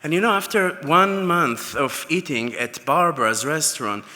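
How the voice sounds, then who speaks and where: Guy giving an award speech, kinda high voice, super bright and sharp, big echoey hall. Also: animated, normal speed. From Israel. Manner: anecdotal storytelling with fillers and restarts. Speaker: award recipient. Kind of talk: acceptance speech. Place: large banquet hall. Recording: reverberant hall with PA.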